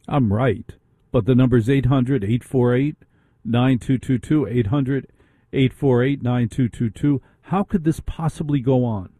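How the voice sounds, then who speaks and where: Husky-voiced man ranting on talk radio. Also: medium pitch, warm tone, no room sound. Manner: ranting, full of rhetorical questions. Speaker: radio talk show host.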